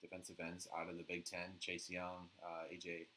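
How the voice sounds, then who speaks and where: A man co-hosting a sports podcast in casual chat, relaxed and steady as he leads each segment. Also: sits low, moderate pace, slight background noise, poor audio. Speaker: podcast co-host.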